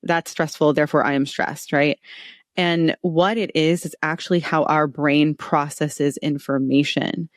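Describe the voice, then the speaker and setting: Low-voiced animated woman guest. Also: measured pace, dry recording, clean studio sound. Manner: animated, laughs often, acts out quotes. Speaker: guest expert on retail stress. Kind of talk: podcast interview.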